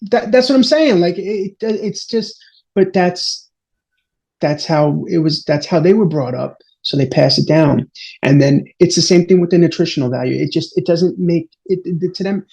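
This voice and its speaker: A man being interviewed, telling family stories in an animated, exasperated way with frequent restarts. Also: a little high, moderate pace, creaky. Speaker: interview guest. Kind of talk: casual storytelling interview. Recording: dull lo-fi audio.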